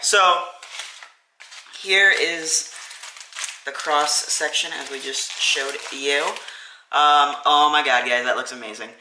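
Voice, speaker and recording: A man's voice: medium pitch, bright, forceful tone, echoey room, a little hiss or hum, low-quality recording. A man reviewing a sandwich in a casual food vlog at a restaurant, chatty and enthusiastic with lots of fillers, filmed on a phone camera. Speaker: food vlogger. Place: restaurant, indoors. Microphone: phone camera, no tripod.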